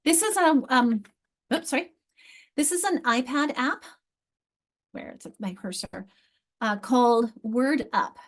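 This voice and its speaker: A woman's voice: high-pitched, expressive, unhurried, long pauses. A woman presenting a teacher training session on reading and spelling, explaining step by step with frequent restarts and questions to her audience. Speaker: literacy workshop presenter.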